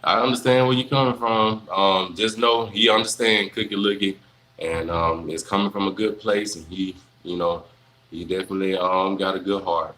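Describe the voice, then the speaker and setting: Man, young adult, deep voice, laid-back rambling livestream chat, crisp bright tone, faint room hum. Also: normal speed, rough recording. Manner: relaxed, rambling, many fillers and restarts. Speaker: livestream host answering viewer questions. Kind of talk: casual live Q&A chat.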